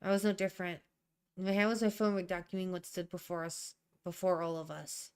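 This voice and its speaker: A woman's voice: fairly low pitch, flat delivery, a little fast, smooth. A young woman thinking aloud while she edits a draft, rereading her sentences and ranting in asides. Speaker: writer streaming a writing session.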